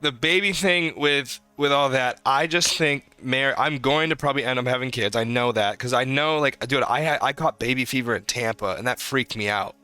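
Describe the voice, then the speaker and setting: A young man in his twenties co-hosting a podcast, telling rambling, animated stories in casual chat. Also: medium pitch, moderate pace, few pauses, smooth, no echo, soft background music. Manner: rambling, animated storytelling with profanity. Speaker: podcast co-host.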